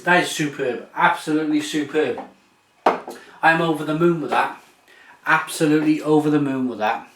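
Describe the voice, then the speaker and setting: A man's voice: a little high, normal speed, pauses often, fairly bright tone. A British man hosting a casual beer review vlog, talking with enthusiasm, rambling and restarting his sentences often. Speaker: beer reviewer, channel host. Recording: echoey room, mic at a distance.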